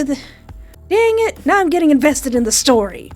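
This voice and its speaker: A woman's voice: high-pitched, moderate pace, soft background music. A woman playing a horror visual novel, reading the text aloud and reacting in a jokey, dramatic way. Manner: animated, jokey, dramatic outbursts.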